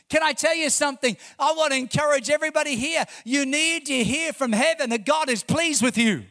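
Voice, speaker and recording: A pastor preaches a brisk sermon to his church congregation in a strikingly high voice for a man, bright and forceful. He drives every point home with fervent emphasis and rhetorical questions.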